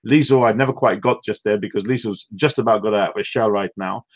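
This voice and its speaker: A man's voice: fairly low pitch, quick pace, lo-fi sound. A man from the United Kingdom hosting a motivational online team call, effusive and full of praise, emotional and drained. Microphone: online call audio.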